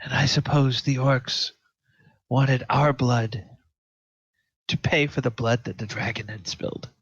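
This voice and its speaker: A man voicing a frightened, tearful young woman in a tabletop game, speaking softly with a pleading, halting manner. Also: medium pitch, fairly even intonation, gravelly, husky, no echo, dull audio, heavily acted. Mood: apologetic.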